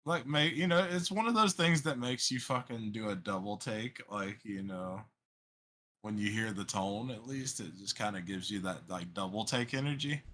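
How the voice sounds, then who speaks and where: A man's voice: lowish voice, normal speed, a bit bright. A man co-hosting a casual stream chat, blunt and swearing freely. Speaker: co-host.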